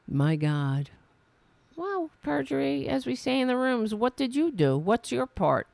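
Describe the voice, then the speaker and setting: Gravelly, sarcastic woman podcast host. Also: high voice, lively intonation, moderate pace, darkish tone, no room sound. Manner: sarcastic, profane, mocking. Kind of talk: political commentary.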